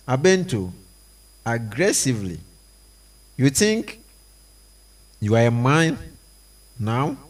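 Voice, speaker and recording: A man reading a stage play aloud, voicing every part and the stage directions in a slow, deliberate way. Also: medium pitch, a little mellow.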